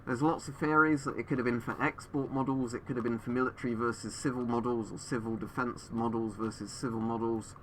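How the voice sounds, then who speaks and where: A man's voice: fairly low pitch, pushed and bright, a little hiss or hum. A man streaming from home over a webcam, answering viewers in a rambling way, his voice muffled through a gas mask. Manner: rambling, thinking aloud with fillers.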